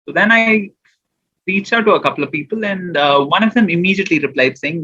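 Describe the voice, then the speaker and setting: A man's voice: high voice, fairly quick, bright, forceful tone, breathy edge, lo-fi sound. A man guesting on an interview show, chatting casually about publishing his poetry and rambling with fillers and restarts. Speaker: guest poet and small business owner.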